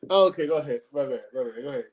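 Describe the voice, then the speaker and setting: A man's voice: medium pitch, racing. A man co-hosting a wrestling review, joking sarcastically in casual chat and laughing at his own lines. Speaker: podcast co-host reviewing wrestling.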